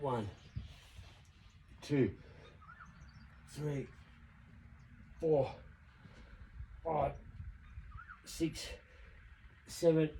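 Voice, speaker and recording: Speaking extremely slowly and pausing often, a man in his fifties counts reps and chats warmly through an outdoor workout for his fitness vlog. His voice is a little high with a dark tone. Slight background noise mars the low-quality recording.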